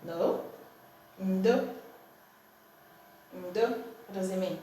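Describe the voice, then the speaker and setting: A woman's voice: mid-range voice, extremely slow, warm tone. A woman with a Nigerian accent teaching a language lesson at home, firmly correcting and repeating words with exaggerated tones. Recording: echoey room, distant mic, faint noise.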